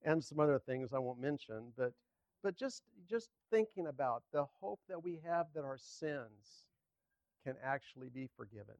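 An older man preaching a sermon as pastor, halting and repeating words as he speaks. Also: medium pitch, lively intonation, creaky, darkish tone, dry recording, dull audio. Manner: halting, repeats words, leads congregation in a hymn.

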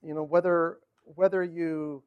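A male pastor preaches slowly in a mid-range voice, pausing often and reaching for words with plenty of ums and uhs. The recording sounds dull and muffled. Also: on the high side, little pitch movement, clear, resonant tone. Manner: halting, searching for words with many fillers. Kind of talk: sermon.

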